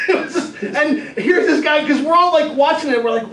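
A man with a very high voice who tells stories in an amused way, laughing as he talks. He is recorded from a distance in an echoey room with faint hiss. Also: moderate pace, hardly any pauses, a bit bright. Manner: amused storyteller, laughs often. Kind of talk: casual chat. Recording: echoey room, far from mic, faint noise.

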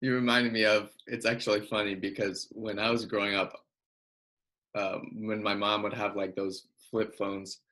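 A man's voice: on the low side, level tone, normal speed, bright, forceful tone. A man hosting an interview, asking long, searching questions full of fillers. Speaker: podcast host, interviewer. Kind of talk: casual interview conversation.

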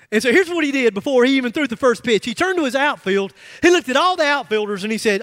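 A middle-aged man preaching a sermon in a church, telling a story with animated emphasis and frequent restarts. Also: very high-pitched, rapid-fire, few pauses. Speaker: pastor. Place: church sanctuary. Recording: long reverb of a large hall.

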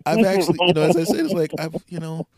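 A man's voice: a little high, fast talker, a little mellow, dry recording. A man hosting a podcast who chats casually and jokes with his guest. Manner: joking, laughs often. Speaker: podcast host. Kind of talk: casual interview chat.

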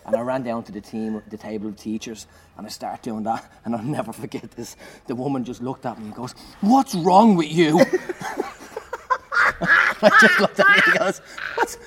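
A man, a comedian, telling an animated anecdote in conversation, swearing and shouting out the lines he acts. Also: mid-range voice, fairly quick, hardly any pauses. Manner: animated, swearing, loud acted-out bursts. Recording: noisy background.

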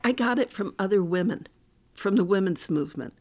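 A woman's voice: mid-range voice, expressive, a little fast, darkish tone. An older woman, a professor, telling her own story candidly and with animation as a podcast interview guest.

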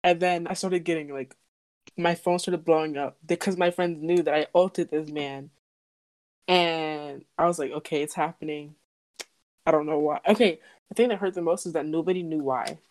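Low-voiced young woman, rambling chat. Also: steady tone, normal speed, darkish tone. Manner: rambling, lots of fillers, emphatic quotes. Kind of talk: casual fan chat.

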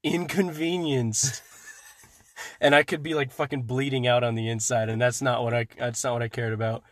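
A man's voice: medium pitch, little pitch movement, brisk, fairly bright tone, dry recording. A young man co-hosting a podcast in loose, crude, joking chat. His voice sits in an ordinary middle range. The recording is close and dry. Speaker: podcast co-host. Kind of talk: casual chat. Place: car.

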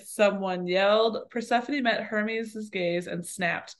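A woman co-hosts a casual podcast, trading quick jokes with her friend. She reads passages from a novel aloud and gives the dialogue lively, animated delivery. Her voice sits at a middle pitch. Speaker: podcast co-host.

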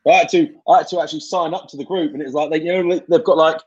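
A man's voice: on the high side, steady tone, racing, slightly rough, lo-fi sound. A man in casual podcast chat, blunt and sweary, giving fired-up motivational advice. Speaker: podcast guest.

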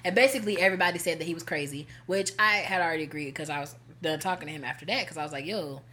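A woman co-hosting a laid-back talk show, spinning a story in loose slang and acting out what everyone said. Her voice sits a little low for a woman yet sounds bright and forceful. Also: racing, breathy edge. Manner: animated, slangy, acts out quotes. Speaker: podcast co-host. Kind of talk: casual storytelling chat.

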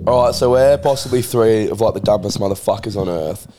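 A man's voice: lowish voice, brisk, over music. Young male co-host, brash banter, heavy swearing. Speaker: podcast co-host. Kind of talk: casual chat.

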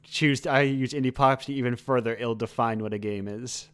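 A man's voice: mid-range voice, fairly even intonation, normal speed, smooth. A man hosting a live stream interview, chatty and easily sidetracked, laughing often and correcting himself as he talks. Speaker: livestream host. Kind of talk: casual interview chat.

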